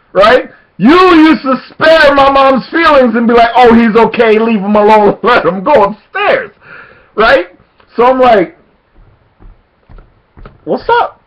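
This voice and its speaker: Guy telling a funny story on his vlog, laughs a lot, kinda slow, muffled lo-fi audio. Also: very high voice. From Jamaican heritage. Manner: animated storytelling, laughs often, acts out quotes.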